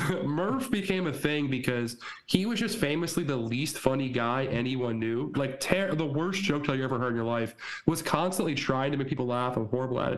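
A man co-hosting a podcast, telling stories in a relaxed casual chat, laughing often and swearing freely. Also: medium pitch. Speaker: podcast co-host. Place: Argentina.

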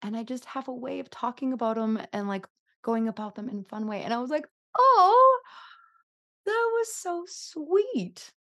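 A woman's voice: a little high, fairly even intonation, fast, a little mellow. An American woman hosting a podcast, chatting in a bubbly, self-deprecating way and leading a short prayer. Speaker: podcast host. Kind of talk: casual podcast chat and spoken prayer.

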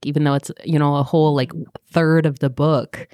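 A woman's voice: low-pitched, steady tone, fast talker, hardly any pauses, a little mellow, no room sound, clean studio sound. A woman co-hosting a book podcast, talking in a chatty, filler-heavy way as she retells scenes. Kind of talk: casual book club chat.

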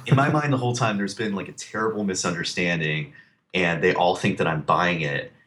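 Low-voiced man telling a rambling story. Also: fairly quick, a bit bright. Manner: rambling with many fillers, acts out quoted lines. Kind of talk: casual storytelling.

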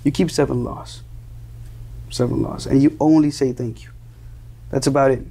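A young man from Colombia speaks with a gravelly edge and a mellow, darker tone. He talks earnestly and often circles back over his words, restarting phrases while he finds what he wants to say. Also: medium pitch, steady tone, moderate pace. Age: young adult. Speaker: interview guest. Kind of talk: earnest conversational storytelling.

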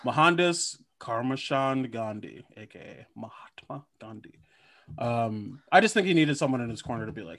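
A man co-hosting a podcast who riffs loosely and swears freely. He acts out imagined conversations in bits. His voice sits at a middle pitch. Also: lively intonation, normal speed, a bit bright. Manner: profane, riffing, acts out imagined dialogue. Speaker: podcast co-host. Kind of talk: casual comedic podcast chat.

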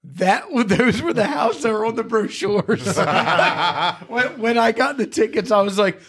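A podcast host tells loose, profane stories and laughs often in casual conversation. His high-pitched voice is a bit bright and slightly rough, with lively intonation and a somewhat slow pace.

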